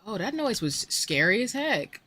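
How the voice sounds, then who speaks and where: Chatty woman with a lively voice. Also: mid-range voice, a little slow, slightly rough. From United States. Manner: chatty and slangy, reading chat aloud. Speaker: streamer. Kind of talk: casual chat while playing a game.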